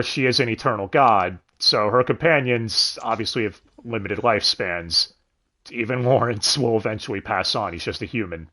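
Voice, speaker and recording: A man's voice: medium pitch, a bit bright. A man co-hosting a casual podcast, talking animatedly about an anime dub, swearing freely and laughing often. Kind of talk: casual chat.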